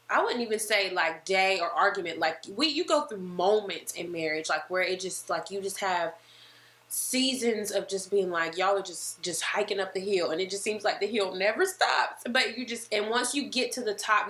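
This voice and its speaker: A woman chats casually on a podcast with a bright voice. She tells stories in a lively way and acts out what people said. The room gives her voice a noticeable echo. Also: mid-range voice, moderate pace. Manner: animated storyteller who acts out quoted lines. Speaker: podcast co-host. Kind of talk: casual chat. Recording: roomy echo.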